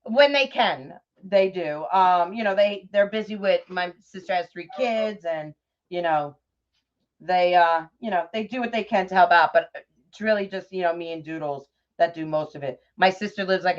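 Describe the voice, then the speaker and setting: A woman's voice: fairly low pitch, normal speed. A middle-aged woman hosting a craft livestream, chatting casually, greeting viewers by name and laughing often. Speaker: livestream host of a bow-making craft show. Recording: dull lo-fi livestream audio.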